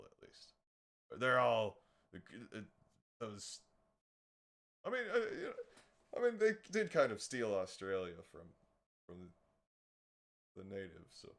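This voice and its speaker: A man's voice: mid-range voice, creaky, a bit bright. A young man commenting casually on videos during a live stream, mocking and swearing freely and laughing often.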